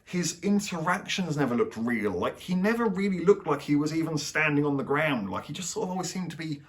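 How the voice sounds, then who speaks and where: A man's voice: fairly high pitch, animated, fairly quick. A young man giving a blunt, sarcastic film review as the host of his channel.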